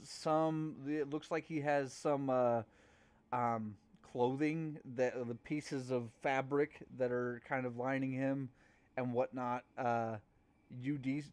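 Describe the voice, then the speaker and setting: A man narrating a tabletop game as game master in a halting way, with many fillers and restarts. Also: medium pitch, darkish tone.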